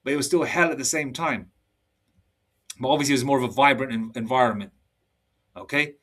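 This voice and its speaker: Casting note: man in his fifties, heated street-preacher monologue, mid-pitched, laptop mic set back. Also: a little fast, far from the mic. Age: 50s. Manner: forceful, repetitive, ends phrases with "all right?". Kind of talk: heated sermon-style monologue.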